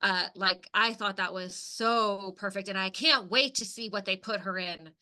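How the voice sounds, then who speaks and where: A woman's voice: medium pitch, moderate pace, bright, forceful tone. A woman co-hosting a podcast in casual chat, talking loosely with lots of filler words and the odd swear. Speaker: podcast co-host.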